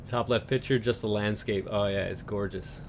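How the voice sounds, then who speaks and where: A man's voice: on the low side, measured pace, slight background noise. A man from Newfoundland hosting a live stream, chatting casually with viewers in a rambling way and chuckling often between thoughts. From Newfoundland, Canada.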